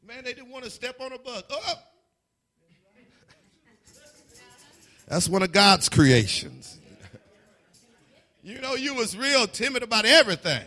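A man preaching a fervent sermon, building to shouts, stammering and repeating words, with laughing asides. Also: high voice, big pitch swings, slow, pauses often.

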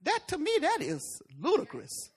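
A woman preacher giving a folksy, conversational sermon, swinging from loud emphatic lines to hushed asides. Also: high-pitched, wildly swooping pitch, moderate pace.

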